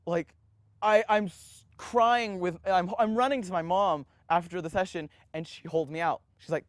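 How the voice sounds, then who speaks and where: A young man in his twenties telling his life story in an interview, animated and full of restarts, acting out the voices of others. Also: on the high side, fairly quick, no room sound, studio quality. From United States. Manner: animated, acts out quoted voices, frequent restarts.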